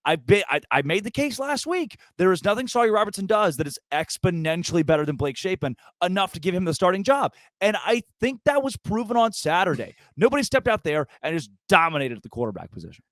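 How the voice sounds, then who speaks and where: A man from Arkansas hosts a casual sports podcast, talking in a fired-up, emphatic way and restarting his sentences often. His voice sits a little high and swings widely in pitch. The sound is close and dry. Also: very animated, fast talker, hardly any pauses, fairly bright tone, dry recording. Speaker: podcast host.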